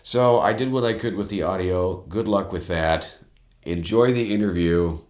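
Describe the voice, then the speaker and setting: A male channel host delivers a voice-over in a deep voice with a noticeable room echo. His narration is wry and self-deprecating, with casual swearing. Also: normal speed, a little mellow.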